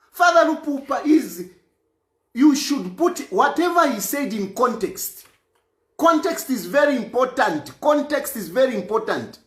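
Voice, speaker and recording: A man's voice: extremely high pitch, fairly bright tone. A man giving a heated political monologue, repeating his points insistently. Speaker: political commentator. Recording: roomy echo.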